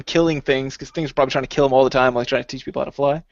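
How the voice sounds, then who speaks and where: A man co-hosting a podcast in casual chat, animated and rambling, laughing a lot. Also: mid-range voice, racing, creaky, no echo. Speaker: podcast co-host. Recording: dull lo-fi sound.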